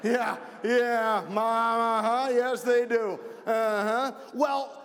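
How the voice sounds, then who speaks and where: A man from Wisconsin giving an energetic children's message in church, playful and repeating himself to keep the kids with him. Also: extremely high pitch, slow pace, creaky. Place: church sanctuary. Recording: long church reverb.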